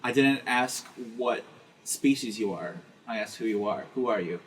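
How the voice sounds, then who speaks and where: A man's voice: fairly low pitch, moderate pace, a bit bright. Young male podcast host, loose rambling storyteller, recorded from a distance with light hiss. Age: young adult. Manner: rambling storyteller with fillers, quizzing friends. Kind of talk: casual chat, joke telling. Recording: distant mic with faint hiss.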